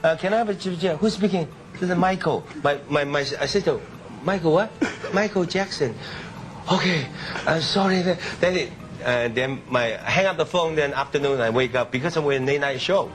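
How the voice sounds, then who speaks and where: A man's voice: fairly high pitch, moderate pace, a little hiss or hum. A man chatting as a talk-show guest, telling laughing anecdotes and acting out dialogue. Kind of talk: casual talk-show chat.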